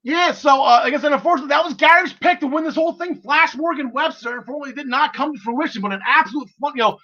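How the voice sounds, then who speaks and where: A man hosting a wrestling podcast in an excitable, chatty way, tripping over his words and laughing between thoughts. His voice sits very high and sounds bright and forward. The audio is a bit dull and lo-fi. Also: very fast. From half Irish. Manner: enthusiastic, laughs often, many fillers and restarts. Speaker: podcast host. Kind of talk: casual wrestling podcast chat.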